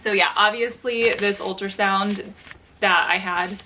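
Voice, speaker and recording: A woman's voice: mid-range voice, fairly even intonation, unhurried, sharp tone, a little hiss or hum, poor audio. A young woman and mother chatting casually in a home vlog, emotional and laughing at times. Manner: sing-song talk to her baby. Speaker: vlogger, mother.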